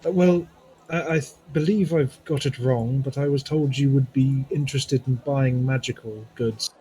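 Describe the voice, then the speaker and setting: A man's voice: mid-range voice, fairly even intonation, moderate pace, warm tone, close to an everyday voice, poor audio. A man voicing a polite, fussy male adventurer who speaks primly and with some hesitation.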